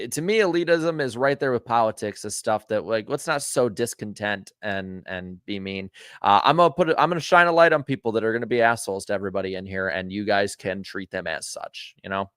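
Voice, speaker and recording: A man's voice: lowish voice, animated, a little fast, a bit bright, clean tone, no echo, studio quality. A man from Florida hosting a casual livestream, chatting with viewers and reading their comments in a rambling way full of ums and uhs, and turning firm when he scolds rude viewers. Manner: rambling, filler-heavy, with frequent ums and uhs. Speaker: livestream host.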